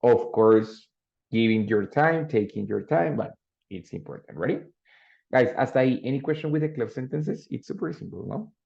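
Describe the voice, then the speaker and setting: A man teaches an English grammar class, explaining step by step and often checking that students follow. His voice is dark and gravelly. The sound is dull and lo-fi, like a computer mic. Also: mid-range voice, lively intonation, moderate pace. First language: Spanish. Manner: explains patiently, checks in with "no?" and "ready?". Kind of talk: online English grammar lesson.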